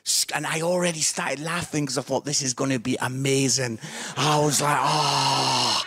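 A man preaching a sermon, telling a funny story in an animated, playful way and laughing at his own jokes. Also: mid-range voice, moderate pace.

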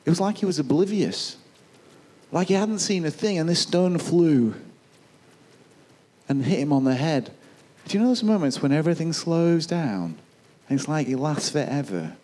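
Animated man retelling a Bible story. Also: on the high side, normal speed. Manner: acts out voices of soldiers and kings; chuckles and asides. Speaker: preacher.

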